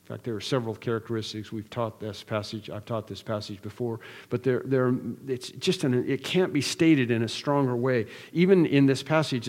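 A man's voice: mid-range voice, a little mellow, in a large hall. A man preaching an expository sermon, earnest and emphatic, building through repeated phrases with frequent restarts. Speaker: pastor.

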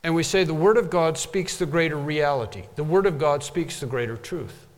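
A man's voice: fairly high pitch, normal speed, long reverb tail. A man preaching a sermon, emphatic and repeating phrases to drive them home.

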